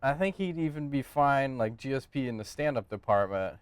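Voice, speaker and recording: Blunt, smooth-voiced man cursing through fight talk. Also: medium pitch, a little fast, no room sound. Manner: profane, blunt, animated opinions. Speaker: podcast co-host. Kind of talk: casual MMA podcast chat.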